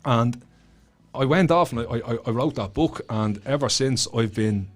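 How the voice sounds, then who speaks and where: A man with a Dublin Irish accent, from Ireland, is a guest author and school speaker telling stories in casual podcast chat in a studio. His medium-pitched voice moves a little slowly over soft background music. He's blunt, swears a lot and tells his stories with animation.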